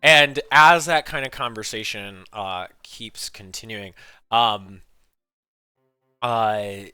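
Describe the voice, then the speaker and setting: A man running a tabletop game as game master, narrating in a lively way with lots of fillers. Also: lowish voice, takes it slowly, clean tone, no echo, faint music behind.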